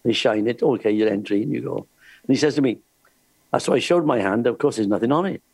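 An older man, a former cruise ship entertainer, telling lively anecdotes with frequent laughs. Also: mid-range voice, fast, vocal fry, breathy edge, dry recording. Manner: lively storyteller, laughs often, restarts. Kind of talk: anecdotal chat.

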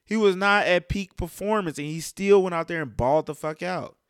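A man's voice: sits high, brisk, clear, resonant tone, no echo, clean studio sound. A man in a heated, casual rant about a game, profane and emphatic, with frequent fillers. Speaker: sports fan commentator.

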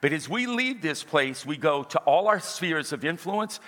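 A high-pitched, piercingly bright male preacher delivering a sermon, moving between humorous anecdotes and forceful, emphatic calls to his congregation. His voice rings out in a church hall with long, trailing reverb. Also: expressive, normal speed. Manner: humorous storytelling building to emphatic exhortation.

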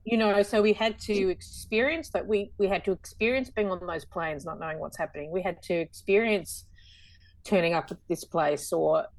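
A woman's voice: fairly low pitch, moderate pace, no room sound. Chatty Australian woman in her fifties. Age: 50s. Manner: animated, chatty with frequent laughter. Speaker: guest performer. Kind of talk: casual podcast conversation.

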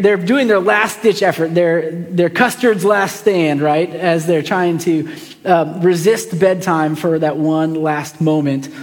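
A pastor, preaching a sermon in a relaxed, conversational way, telling a family story with lots of fillers and restarts. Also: male voice, high-pitched, big-room sound.

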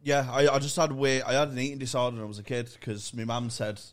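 A man's voice: medium pitch, flat delivery, fast. Crude, jokey man. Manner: crude, jokey, rambling storyteller. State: hungover. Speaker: podcast co-host. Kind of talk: casual comedy chat.

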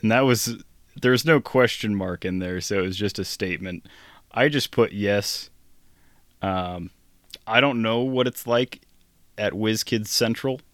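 A man co-hosting a casual podcast, answering questions with dry, deadpan humor. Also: on the low side, measured pace, no room sound. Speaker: podcast co-host. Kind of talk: casual chat.

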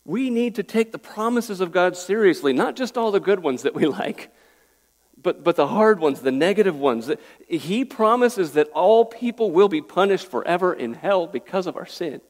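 A man's voice: high voice, lively intonation, moderate pace. A pastor preaching an earnest, pleading sermon, a man who often restarts his words. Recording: echoey hall with long reverb.

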